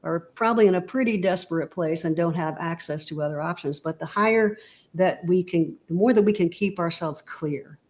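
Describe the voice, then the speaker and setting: A woman with a somewhat low voice talks through her ideas in a relaxed, conversational way. She leans on everyday analogies and keeps asking whether her listener follows, with plenty of "you know" and "right?". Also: brisk. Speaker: interview guest, author. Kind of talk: casual motivational conversation.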